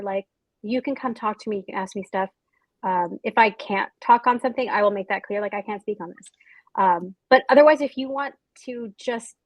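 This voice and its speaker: A young woman author on a panel, talking in an effusive, gushing way with quick quoted asides. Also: mid-range voice, no echo, rough recording. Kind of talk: casual panel chat.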